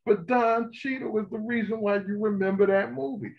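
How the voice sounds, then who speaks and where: Animated man with dull lo-fi sound. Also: sits high, normal speed, creaky. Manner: animated, profane, enthusiastic film talk. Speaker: podcast co-host. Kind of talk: casual chat.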